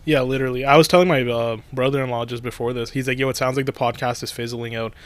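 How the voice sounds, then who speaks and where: A young man co-hosting a podcast tells stories in casual chat, laughing often and narrating in an animated way. His mid-range voice moves fast, and the recording is dry.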